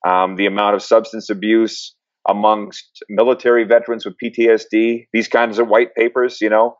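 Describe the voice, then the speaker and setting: A man with a fairly low voice tells stories in a relaxed interview and mimics the people he quotes. The sound is dry and a little dull, with no room echo. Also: moderate pace. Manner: animated storyteller, acts out quotes. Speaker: sober coach, interview guest. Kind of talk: casual interview storytelling.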